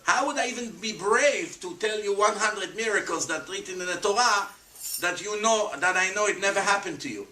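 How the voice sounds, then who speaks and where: A man with a high, bright, ringing voice explains religious teaching to his stream, firing off rhetorical questions and pressing his points hard. His English has non-native phrasing. He sits back from the mic in an echoey room with a faint hum of noise behind him. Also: moderate pace, distant mic. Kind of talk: animated religious explanation to a chat.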